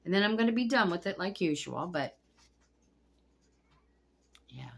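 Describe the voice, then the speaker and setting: Middle-aged woman, husky and gravelly, blunt and profane, casual vlog venting at home. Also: fairly low pitch, lively intonation, a little slow, fairly bright tone. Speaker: vlogger. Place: at home among pet turtles.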